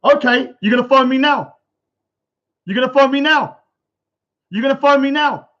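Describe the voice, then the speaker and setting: A man hosting a livestream, ranting loudly and confrontationally at his critics, repeating himself and reading out viewer comments. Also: extremely high pitch, normal speed, muffled recording. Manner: loud, confrontational, repetitive. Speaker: livestream host. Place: indoors at a bungalow.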